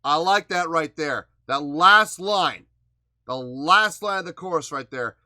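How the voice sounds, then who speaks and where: A man's voice: on the high side, a little slow, pushed and bright. A man hosting a music reaction show, talking casually and emphatically as he breaks down what he just heard, at times playfully defiant. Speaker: music reaction channel host.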